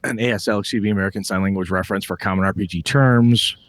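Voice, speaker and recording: A middle-aged man co-hosting a gaming podcast in casual chat, animated, laughing often and swearing casually. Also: lowish voice, fast, no room sound. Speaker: podcast co-host.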